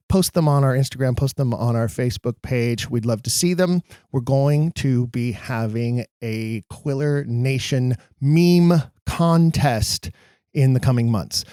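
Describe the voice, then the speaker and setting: A male podcast host wrapping up an episode with cheerful, lively announcements. His voice sits at a middle pitch and is recorded close and dry, with no room sound. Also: no room sound. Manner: upbeat, promotional, lively delivery.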